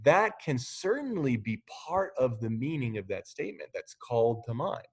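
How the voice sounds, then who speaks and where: A middle-aged man delivers a recorded lecture at an ordinary, middle pitch. He talks in a relaxed, conversational way, stopping to restart phrases and tossing in a teasing aside. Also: normal speed, breathy edge.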